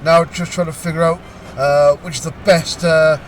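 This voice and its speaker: A man casually commentating a video game battle, talking haltingly with frequent pauses and restarts and a lightly amused tone. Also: on the high side, little pitch movement, slight background noise. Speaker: gameplay commentator.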